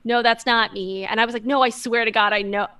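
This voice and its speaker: A woman's voice: a little high, fairly even intonation, brisk, pushed and bright, smooth. A woman musician guest, telling stories in a casual, rambling, self-deprecating way. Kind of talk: casual storytelling chat.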